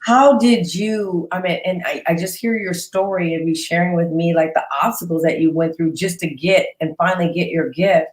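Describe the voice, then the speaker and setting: A woman's voice: on the low side, moderate pace, few pauses. Effusive woman host, echoey room. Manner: warm, effusive, gushing. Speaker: interview host. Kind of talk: casual interview chat.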